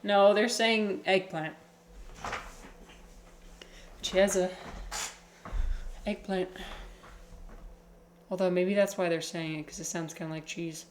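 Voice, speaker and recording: A woman's voice: lowish voice, steady tone, a little slow, long pauses, a little hiss or hum. A woman hosting a casual live stream, chatting playfully and reading aloud. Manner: chatty and playful, cooing baby talk to her pet. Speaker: livestream host. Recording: echoey room with music playing.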